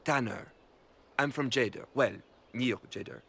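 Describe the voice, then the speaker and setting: A man's voice: mid-range voice, a little slow, creaky, fairly bright tone, slight background noise. A man voicing a young mercenary recruit from a farm in a video game, talking plainly. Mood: casual.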